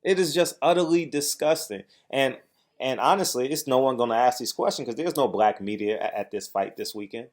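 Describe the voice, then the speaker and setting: A man's voice: mid-range voice, a little fast. Man, host, heated boxing commentary, agitated, emphatic, repeats himself for emphasis. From United States.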